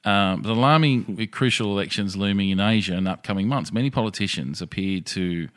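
A man's voice: on the low side, brisk. A man hosting a podcast in casual chat, reading news items aloud and commenting. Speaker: podcast host.

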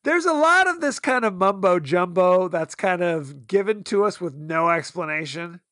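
High, lively, bright-voiced man. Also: normal speed, dry recording, clean studio sound. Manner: playful, laughs through his sentences. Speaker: podcast co-host. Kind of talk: casual film chat.

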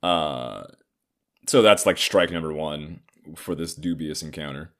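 A man's voice: very deep voice, unhurried, fairly bright tone. A man in his thirties telling a personal story in a casual, heated and profane way. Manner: profane, heated, acts out others' lines.

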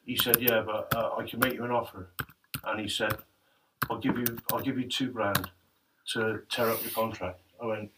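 A man's voice: lowish voice, normal speed. Laughing man telling stories. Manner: laughs often, animated anecdotes, quotes others. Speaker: former footballer telling stories. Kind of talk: casual storytelling chat. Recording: distant mic with faint noise.

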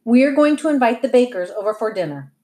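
A woman's voice: a little high, very animated, a little fast, warm tone. A woman reading as a firm, determined mother. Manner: firm, clipped. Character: stern determined suburban mother.

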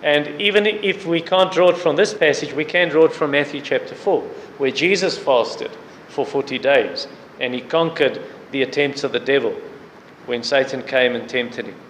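A man preaching a sermon, earnestly urging prayer and fasting and citing scripture as he goes. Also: mid-range voice, a bit bright. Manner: earnest, repetitive exhortation with scripture references. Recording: echoey hall with faint background noise.

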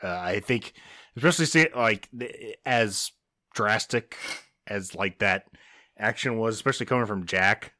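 A young man co-hosting a podcast in casual chat, halting and full of fillers, often trailing off softly. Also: lowish voice, no echo, studio quality. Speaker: podcast co-host.

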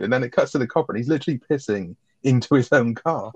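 Fast-talking sweary man. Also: medium pitch, animated, darkish tone, husky. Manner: chatty, sweary, laughs while retelling scenes. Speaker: podcast co-host. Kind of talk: casual film review chat.

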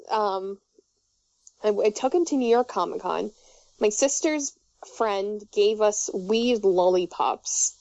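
A woman's voice: mid-range voice, darkish tone, no echo. A young woman chatting casually, telling rambling, giggly stories full of fillers and restarts. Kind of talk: casual chat. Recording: dull muffled audio.

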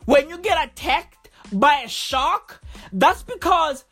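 A woman doing a comic rant, animated and profane, full of slang. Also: high voice, takes it slowly, faint music behind. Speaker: comedy vlogger.

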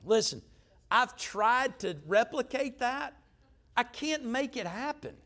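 High-voiced preacher man. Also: animated, slow pace, sharp tone. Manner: emphatic, conversational preaching with swings in volume. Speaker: pastor. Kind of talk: storytelling sermon.

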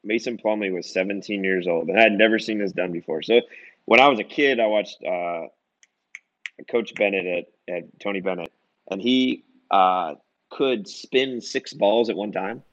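A young adult man, a basketball coach, telling animated stories in a casual interview and acting out quoted dialogue. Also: fairly low pitch, moderate pace, no room sound, muffled recording. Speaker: junior college head coach, guest.

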